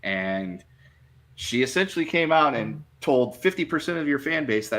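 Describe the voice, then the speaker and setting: A man co-hosting a podcast in casual chat, telling his picks in a measured, opinionated way. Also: mid-range voice, very animated, a bit bright. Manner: measured, drawn-out storytelling, opinionated. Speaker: podcast co-host.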